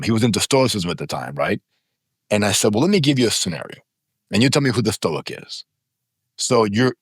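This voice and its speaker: A man's voice: lowish voice, breathy edge, no room sound, studio quality. A man in his fifties, a podcast guest, telling stories emphatically and acting out the people in them. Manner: emphatic, dramatizes stories with quoted voices. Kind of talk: animated storytelling in conversation. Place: podcast studio.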